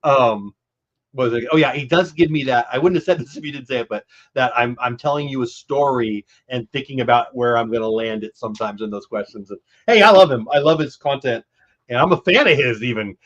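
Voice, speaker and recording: An enthusiastic man hosting a baseball watch-party stream, jumping between play calls and long rambling asides. His voice sits at an ordinary pitch, and it comes through on somewhat muffled, lo-fi audio. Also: a little fast, a bit bright. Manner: enthusiastic, rambling, talks over others. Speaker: livestream host. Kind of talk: casual livestream chat with play calls.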